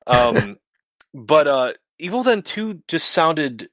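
A man in an easygoing conversation, talking bluntly and swearing now and then. His pitch jumps around a lot as he talks. The recording is dry and close. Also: very animated, takes it slowly, dry recording. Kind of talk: casual game discussion.

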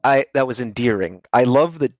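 A man's voice: medium pitch, animated, normal speed, dry recording. A man chatting casually about games, rambling and laughing easily. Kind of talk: casual game discussion.

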